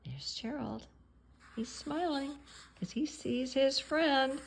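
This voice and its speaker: A woman reading a children's picture book aloud, playful and expressive, acting out the characters' sneezes. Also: sits high, slow pace, creaky. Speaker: storybook reader.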